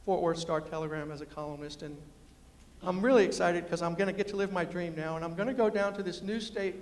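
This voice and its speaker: A man with a New York accent tinged by West Virginia spins a comic story for a live audience, his voice fairly high. He jumps into quoted voices with big swings in pitch. The sound carries a long hall reverb. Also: fairly even intonation, fast. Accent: New York with West Virginia influence. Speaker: storyteller and humorist giving a talk. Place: large lecture hall with audience.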